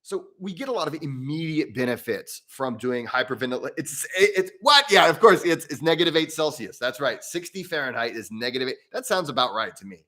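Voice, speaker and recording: A man's voice: a little fast, few pauses. Chatty, rambling male breathwork host. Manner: rambling and chatty, with frequent restarts and self-corrections; animated, with pitch jumping up and down. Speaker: breathwork coach and live-stream host. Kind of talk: casual live-stream chat answering viewer mail.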